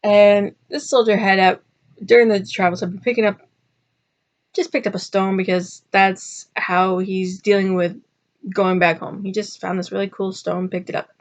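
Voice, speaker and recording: A woman's voice: little pitch movement, moderate pace. Chatty woman retelling a folk tale. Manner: chatty and rambling, acting out quotes with pitch jumps. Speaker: vlogger. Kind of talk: casual storytelling.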